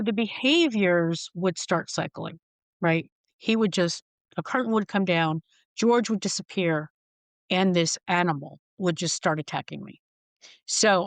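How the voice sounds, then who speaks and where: Frank and wry, a middle-aged woman guesting on a podcast tells candid stories and plays the people in them, doing their quoted voices. Her voice is lowish, and there's no room sound.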